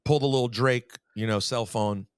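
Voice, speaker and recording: A man's voice: medium pitch, moderate pace, clean tone, no room sound, clean studio sound. A man co-hosting a podcast in casual chat, teasing his co-host and plugging the show. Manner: lively, teasing, plugs the show.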